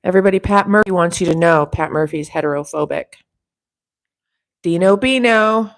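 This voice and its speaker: A woman's voice: on the low side, fairly even intonation, fast talker. A woman hosting a casual livestream chat, reading out viewer comments and teasing them in a chatty way. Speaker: livestream host.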